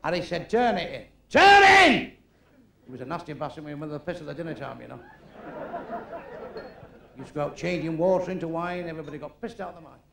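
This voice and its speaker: A middle-aged stand-up comedian with a Northern English, Manchester accent works a live club or theatre stage with a crude, brash routine full of quick asides. His voice is on the high side, steady in tone, gravelly and darkish. The recording is roomy, and the crowd's laughter can be heard.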